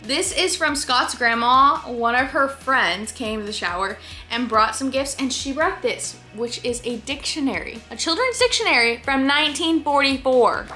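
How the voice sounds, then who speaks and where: A bubbly young vlogger chats at home in a high, bright voice, gushing as she talks casually. She is pregnant and getting over a cold. Her room is echoey, with faint music underneath.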